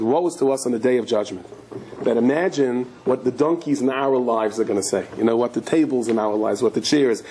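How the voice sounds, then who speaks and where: A man's voice: medium pitch, a little mellow, husky, low-quality recording. A man giving a Torah class as a rabbi, telling stories animatedly and acting out the people in them, with frequent restarts.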